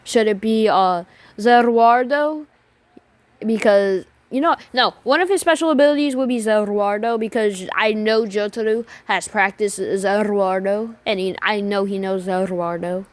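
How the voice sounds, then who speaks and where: A woman's voice: medium pitch, measured pace, no room sound. A woman improvising a fan story aloud, rambling and casual, with many restarts, name slip-ups and swearing.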